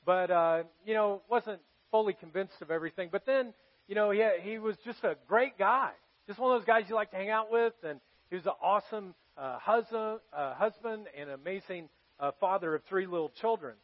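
A male pastor preaching a sermon in a church, telling stories earnestly and going quiet for serious moments. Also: sits high, brisk. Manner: earnest storytelling, drops soft for serious moments. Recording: dull lo-fi sermon recording.

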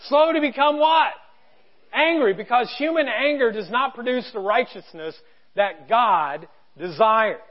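A male pastor giving a conversational, animated church sermon and acting out quotes. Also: very high-pitched, dull audio.

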